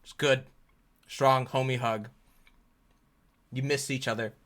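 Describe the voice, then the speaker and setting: A man's voice: medium pitch, steady tone, slow, a bit bright. A man running a tabletop game as game master, joking and rambling with many fillers.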